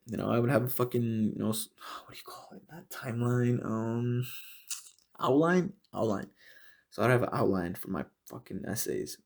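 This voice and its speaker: A young man hosting a casual podcast, rambling and swearing constantly, full of fillers and often dropping to a low mutter. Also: gravelly. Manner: rambling and heavily profane, with many fillers. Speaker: podcast host.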